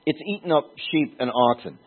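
A man's voice: medium pitch, fairly quick. A man teaching a Bible passage in a conversational sermon, musing aloud and asking his listeners questions. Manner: musing, asks listeners questions, restarts phrases. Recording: tinny phone-like sound.

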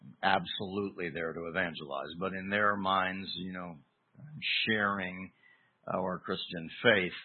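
A man delivers a verse-by-verse sermon at an unhurried pace, leaning on key words with deliberate pauses. His voice is husky, and the recording sounds thin and tinny, like a phone line. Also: low voice, fairly even intonation. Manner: deliberate, emphatic teaching with pauses. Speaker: preacher. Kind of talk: expository sermon.

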